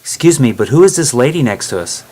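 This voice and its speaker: A man's voice: medium pitch, big pitch swings, quick pace, a little mellow, low-quality recording. Man reading curious young girl, lots of eager questions, storybook voice.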